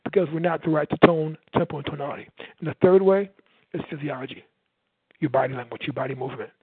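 A man from the United States, a sales coach and podcast host, giving a loud, fast, energetic motivational talk. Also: fairly high pitch, husky, dry recording. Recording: tinny phone-like line, dry.

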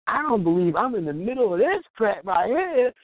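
Animated man on a tinny phone line. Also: sits high, normal speed, noisy background. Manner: lively storyteller who chuckles and acts out other people's voices. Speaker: small business owner on an internet radio show. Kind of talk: animated anecdote and advice.

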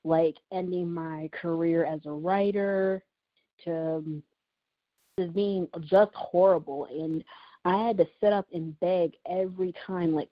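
A woman's voice: on the low side, steady tone, moderate pace. A woman host recounting a painful personal story in an earnest, emotional monologue, repeating herself for emphasis. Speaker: podcast host and writer. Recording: dull lo-fi recording.

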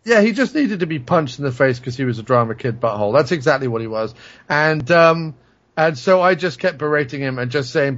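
A high-voiced man holds forth in a casual podcast chat, swearing freely and laughing through his own stories. The sound is dull and lo-fi. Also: expressive, fairly quick, a bit bright. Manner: profane, ranting, laughs while telling stories. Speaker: podcast co-host.

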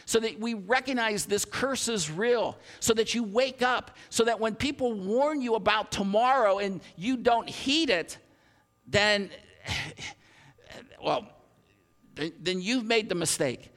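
A man in his fifties preaching a sermon, animated, with frequent restarts and self-deprecating humor. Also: sits high, slow. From Ohio, USA. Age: 50s. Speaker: pastor. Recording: long hall reverb.

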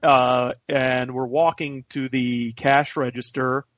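A man, co-hosting a podcast, telling a story in an animated way and swearing freely. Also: mid-range voice, takes it slowly, dry recording. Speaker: podcast co-host. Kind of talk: casual storytelling chat. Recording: dull lo-fi podcast audio, dry.

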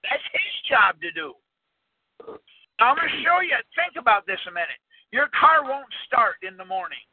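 A man's voice: extremely high pitch, very animated, normal speed, breathy edge, no room sound. A man giving a folksy, rambling talk to a small audience and quizzing them with questions. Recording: tinny phone-line recording, dry.

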